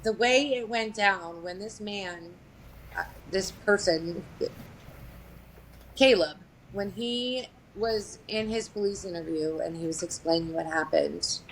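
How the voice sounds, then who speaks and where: A woman's voice: medium pitch, takes it slowly, slight background noise, poor audio. Blunt woman telling a story candidly. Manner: blunt, profane, matter-of-fact with frequent fillers. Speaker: guest sharing a family story.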